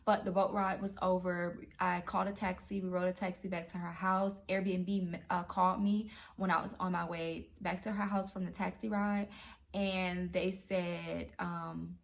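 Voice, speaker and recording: A woman telling a true travel story in a casual, animated way, acting out her own reactions. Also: on the low side, normal speed, gravelly. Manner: animated, excitable retelling. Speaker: travel vlogger.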